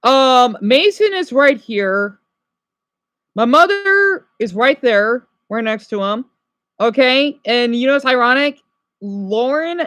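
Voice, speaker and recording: Woman streamer, high bright voice, chatty reaction talk to chat. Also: dry recording. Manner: chatty, answers viewers' comments aloud. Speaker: livestreamer. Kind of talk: casual livestream chat, reacting to a video.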